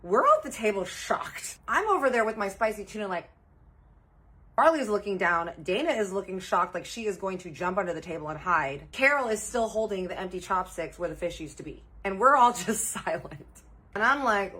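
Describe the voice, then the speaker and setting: Woman, low voice, casual storytime, gossipy, sarcastic, swears. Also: expressive, fairly quick, sharp tone.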